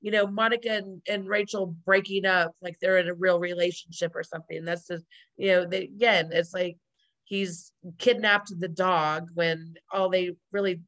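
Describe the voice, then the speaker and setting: A woman's voice: fairly low pitch, level tone, moderate pace, a bit bright, dry recording. A woman in casual chat, retelling a sitcom episode in a rambling way full of "like" and acted-out quotes. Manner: rambling, lots of "like" and "you know", acts out quotes.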